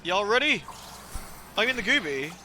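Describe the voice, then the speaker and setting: A man's voice: high voice, sing-song, moderate pace, pushed and bright, a little hiss or hum. A man chatting casually and playfully while live-streaming a game, reacting aloud and thanking viewers. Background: game music.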